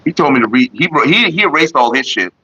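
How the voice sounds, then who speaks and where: A man's voice: medium pitch, big pitch swings, fast, pushed and bright, husky, no echo. A young man vlogging, retelling an online argument in a casual, profane, laughing way on a dull lo-fi home recording. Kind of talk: casual storytelling.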